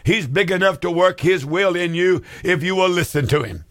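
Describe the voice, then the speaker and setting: A man's voice: high-pitched, lively intonation, normal speed, a bit bright. A man preaching on a broadcast, earnest and pleading, with many fillers. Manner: earnest, pleading, repeats phone numbers with fillers. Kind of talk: broadcast sermon appeal.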